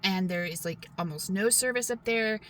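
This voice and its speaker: Slight background noise accompanies this middle-aged woman from Texas as she chats to camera at normal speed in a medium-pitched, fairly bright voice. The vlogger is self-deprecating, and her mostly neutral American accent occasionally carries a light Southern twang.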